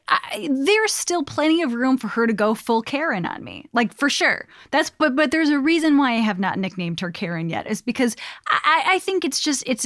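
A young woman from Chicago, co-hosting a casual chat and telling stories in a chatty, animated way. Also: on the high side, no echo, studio quality. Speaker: podcast co-host.

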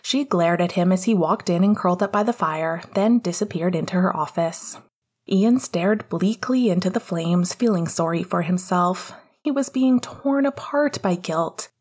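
Breathy, low-voiced woman narrating a story. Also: normal speed, a little mellow. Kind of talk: audiobook reading of fan fiction.

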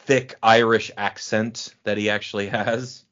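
A man in casual movie chat, rambling and pausing with fillers as he recalls names. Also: lowish voice, flat delivery, fairly bright tone. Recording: dull lo-fi sound.

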